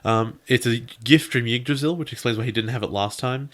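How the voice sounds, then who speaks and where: A man co-hosting a podcast speaks in a medium-pitched voice. His talk is casual and wry, and he often hedges with "like" as he picks apart the plot. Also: a little fast, fairly bright tone. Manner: wry, hedging with "like". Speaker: podcast co-host. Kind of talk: casual chat about an anime.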